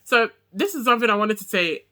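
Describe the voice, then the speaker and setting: A young woman chatting casually through a reality show recap, animated and quick to laugh. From Nigeria. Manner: animated, laughs often, mimics people in high voices.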